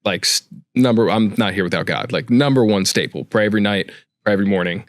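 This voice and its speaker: A man's voice: on the low side, quick pace, dry recording, studio quality. A man co-hosting a casual podcast, talking bluntly and cursing a lot. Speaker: podcast co-host, tattoo artist. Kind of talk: casual chat.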